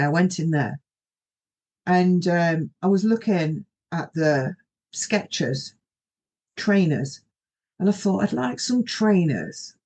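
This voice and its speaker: A woman's voice: fairly low pitch, a little mellow, breathy edge. Rambling middle-aged woman storyteller. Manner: rambling, anecdotal, often quoting herself. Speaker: podcast host. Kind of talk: personal storytelling monologue.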